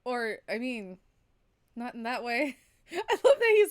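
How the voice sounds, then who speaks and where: A woman's voice: on the high side, sing-song, a little slow, clean tone. A woman streaming a story game live, chatting casually and laughing often between her remarks.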